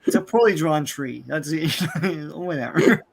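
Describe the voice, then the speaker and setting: Host brief: chatty man with a slightly high voice, rambling comic recap full of ums and likes. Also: lively intonation, a little slow, creaky, breathy edge. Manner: rambling, many fillers, acts out characters' lines. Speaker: podcast host. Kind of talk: casual comic book recap chat.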